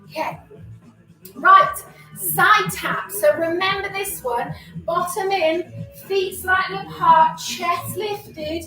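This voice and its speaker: A woman's voice: very high voice, fairly even intonation, slow, pushed and bright. A woman fitness instructor coaching a live online exercise class with encouraging cues, countdowns and chatty asides, a little out of breath. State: slightly out of breath. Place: home room, indoors. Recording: roomy echo, distant from mic, faint music.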